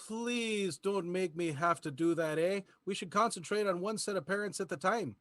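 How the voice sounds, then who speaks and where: A man's voice: high voice, normal speed, fairly bright tone, no room sound, studio quality. A man playing a Canadian boyfriend in an improv scene, short replies that end in "eh". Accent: Canadian put-on. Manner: terse, ends lines with "eh". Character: laid-back Canadian boyfriend, a Mountie type. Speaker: improv performer.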